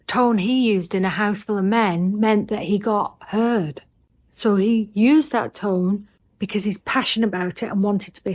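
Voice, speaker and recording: An earnest middle-aged woman speaks as a relationship coach, talking straight to her listener. Her voice sits at an ordinary pitch and grows intimate, now and then sinking to a soft near-whisper to stress a point. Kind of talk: heartfelt advice monologue.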